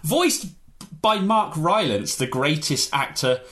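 A man in a casual chat, ranting in an animated, exaggerated comic way. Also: fairly high pitch, slow.

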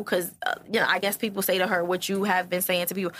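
Woman cohost on a podcast, animated storyteller, faint hiss behind her. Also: mid-range voice, fairly quick, creaky, hardly any pauses. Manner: animated storytelling, interrupts to push back. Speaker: podcast co-host. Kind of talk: casual podcast chat.

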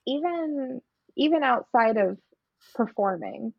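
A woman's voice: on the high side, expressive, gravelly, dry recording, muffled recording. A woman hosting a casual interview, speaking frankly and laughing easily. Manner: frank, reactive, quick to laugh. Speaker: podcast host.

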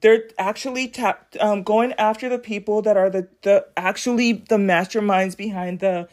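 A woman's voice: medium pitch, steady tone, moderate pace, darkish tone. Chatty woman podcast host. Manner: chatty, addresses listeners as y'all. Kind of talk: casual commentary reacting to clips.

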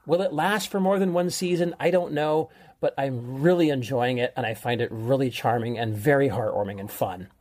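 Husky-voiced man in enthusiastic chat. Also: medium pitch, normal speed, darkish tone. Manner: enthusiastic, chatty, laughs easily. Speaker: show host, reviewer. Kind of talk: casual chat.

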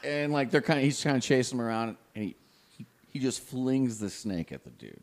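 A man's voice: mid-range voice, lively intonation, a little fast. A man from Indiana co-hosting a podcast, telling a story in a rambling, profane way. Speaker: podcast co-host. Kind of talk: casual storytelling chat.

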